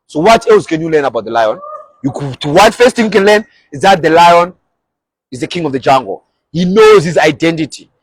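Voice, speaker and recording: Husky-voiced man preaching with animated energy. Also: a little high, no room sound. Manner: animated, acts out short quoted voices. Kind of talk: energetic sermon.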